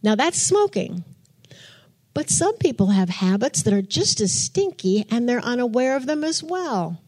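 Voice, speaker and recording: A woman's voice: a little high, sing-song, a little slow, a little mellow. Chatty woman sharing a church testimony. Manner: chatty storytelling, acts out her own past thoughts. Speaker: church speaker. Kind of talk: testimony sermon.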